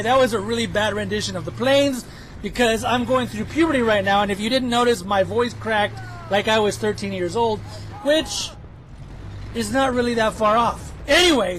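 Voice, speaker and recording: A man's voice: very high-pitched, a bit bright, slight background noise, poor audio. A man giving chatty, self-mocking commentary over his own gameplay footage, joking as he goes. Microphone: headphones with mic.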